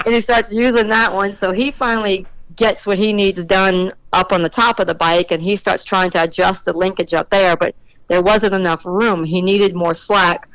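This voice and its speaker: A middle-aged woman being interviewed on a podcast, telling an animated story about her racing and acting out the voices of the people in it. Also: mid-range voice, normal speed, no room sound, rough recording. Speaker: drag racing motorcycle rider, guest.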